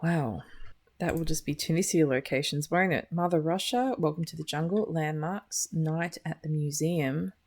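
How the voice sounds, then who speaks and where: A woman's voice: sits low, moderate pace, darkish tone, breathy edge. A woman giving gameplay commentary with a dry, wry and sarcastic manner. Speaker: gaming video creator.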